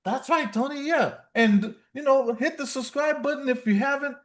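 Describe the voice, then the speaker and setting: A man's voice: very high voice, moderate pace, a bit bright. A man hosting a casual livestream, playful and reading viewer comments aloud. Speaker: livestream host.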